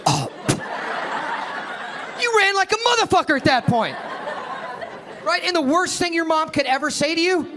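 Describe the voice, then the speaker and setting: A male stand-up comedian doing a brash, profane set and working the crowd. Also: very high-pitched. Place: comedy club stage. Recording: live club with crowd noise. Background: audience laughter and room noise.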